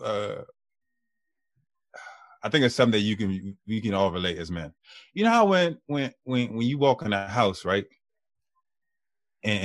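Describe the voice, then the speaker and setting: A man speaking as a podcast guest, relaxed and teasing, drawing out his descriptions. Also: lowish voice, no room sound. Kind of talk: casual chat.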